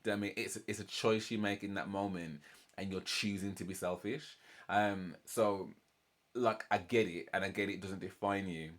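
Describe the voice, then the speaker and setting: A man's voice: sits low, fairly even intonation, moderate pace. A British man hosting a reaction channel, giving a casual recap and breakdown of a TV show in a chatty, rambling way. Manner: chatty, heavy on "like" and "you know", acts out quotes from the show.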